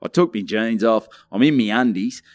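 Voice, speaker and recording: A man's voice: fairly low pitch, animated, moderate pace, no room sound, clean studio sound. A young Australian man co-hosting a podcast, rambling through a crude anecdote and acting out the lines people said. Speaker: podcast co-host. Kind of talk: casual storytelling chat. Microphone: studio mic.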